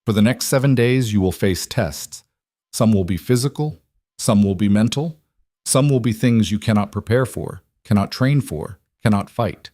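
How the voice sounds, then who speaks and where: A man voicing a grave, commanding alpha king in an audio storybook, speaking slowly and deliberately. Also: lowish voice, darkish tone, no echo, studio quality, lightly acted. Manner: slow, deliberate, ominous.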